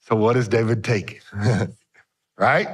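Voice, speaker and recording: A man's voice: on the low side, fairly even intonation, takes it slowly, husky. A man preaching a sermon as pastor, reading old scripture aloud and breaking into joking asides.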